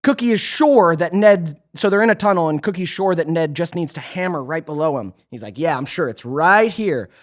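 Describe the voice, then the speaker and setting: A man with a slightly higher voice talks loosely and chattily as a podcast co-host. He recaps the episodes with plenty of fillers and laughter. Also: animated, brisk, hardly any pauses. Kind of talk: casual rewatch recap chat.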